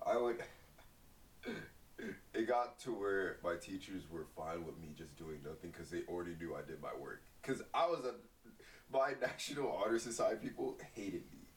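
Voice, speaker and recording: A young man, a podcast guest, chatting casually and profanely, often quietly. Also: low voice, expressive, moderate pace, far from the mic, rough recording. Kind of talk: casual chat.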